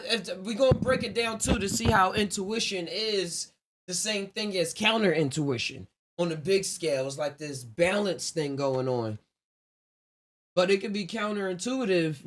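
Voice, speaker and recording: This is casual solo livestream podcast talk from its host, a man with a high-pitched, slightly bright voice. He rambles reflectively and loosely, breaking into laughter often.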